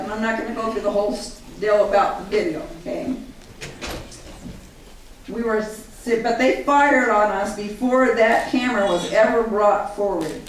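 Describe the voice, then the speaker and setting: A woman speaks to a live audience, telling her own story with earnest energy and slipping into the voices of the people she quotes. Her voice sits a touch high. She is picked up from a distance in a large, echoing hall with a faint hiss underneath. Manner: earnest, animated storytelling that acts out others' words. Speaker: speaker at a public gathering. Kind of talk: personal account told to a live audience.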